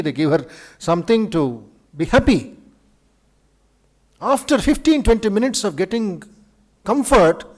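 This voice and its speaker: A monk with an Indian English accent giving a lively spiritual lecture to students in a university auditorium, telling stories with dramatic flair. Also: male voice, high-pitched. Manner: animated storyteller, acts out quoted speech, chuckles.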